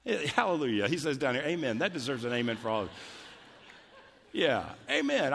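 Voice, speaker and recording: A man preaching a sermon as pastor, conversational and emphatic, with sudden loud peaks. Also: mid-range voice, sing-song, brisk, gravelly. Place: church sanctuary. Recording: long hall reverb from a church.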